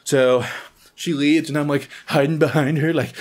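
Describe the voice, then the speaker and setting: A young man telling a funny story to camera in an excitable, animated way, often squealing in high voices when he quotes people. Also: moderate pace.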